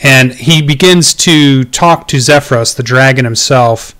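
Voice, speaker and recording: Dm guy narrating his tabletop game, lots of ums and restarts, average pitch. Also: unhurried, a bit bright. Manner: hesitant, many ums and restarts. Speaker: game master.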